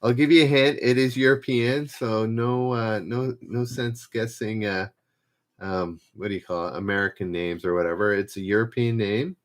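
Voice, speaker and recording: A man hosting a live-stream trivia game, relaxed and self-deprecating, repeating each question as he reads out viewers' guesses. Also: on the low side, moderate pace. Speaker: trivia host.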